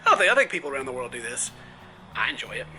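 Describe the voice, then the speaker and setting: A young man from the southern United States chatting and explaining in a relaxed way on an outdoor porch at night, sometimes dropping to quiet asides. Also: mid-range voice, very fast, noisy background. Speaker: vlogger. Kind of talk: casual vlog chat.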